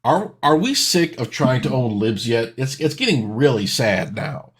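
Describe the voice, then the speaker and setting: A man's voice: mid-range voice, expressive, a little slow, husky. A man in his thirties hosting a reaction video, with sarcastic, exasperated ranting commentary.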